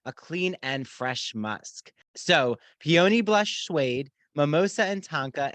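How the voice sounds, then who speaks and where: A man's voice: fairly high pitch, a bit bright, no room sound. A man hosting a podcast, reading sponsor ads in an upbeat, enthusiastic way. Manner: upbeat, enthusiastic promotional delivery. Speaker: podcast host. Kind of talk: read podcast ad.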